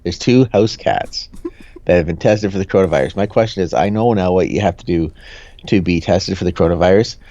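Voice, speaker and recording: A podcast co-host tells a rambling, jokey story in casual chat, packed with fillers and restarts. His voice is low and dark, and he talks fairly quickly. The recording has a dull, dry lo-fi sound.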